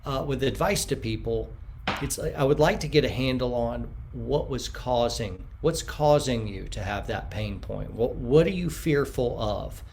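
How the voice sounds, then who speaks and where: A man in an interview who answers at length and acts out the quotes he tells, sometimes bursting out loudly. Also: medium pitch, lively intonation, a little slow, gravelly. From United States. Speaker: podcast guest.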